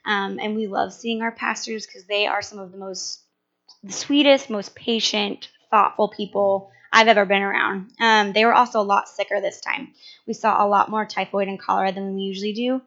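A woman's voice: mid-range voice, steady tone, fairly bright tone. A woman with a Minnesotan accent giving a casual report on a medical mission trip to a church group, talking into a large handheld microphone with lots of fillers. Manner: chatty, many fillers, quick self-corrections. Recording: dull lo-fi sound.

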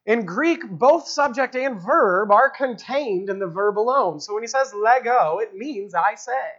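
The preacher's voice is medium in pitch, animated, unhurried, and fairly bright. Delivering an expository sermon, he explains the original language of the text and repeats key phrases for emphasis, in a dull lo-fi recording.

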